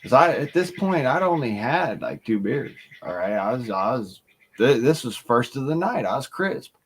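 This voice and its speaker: Profane, animated man telling a story. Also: mid-range voice, normal speed, slight background noise. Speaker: stream host. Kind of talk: casual storytelling.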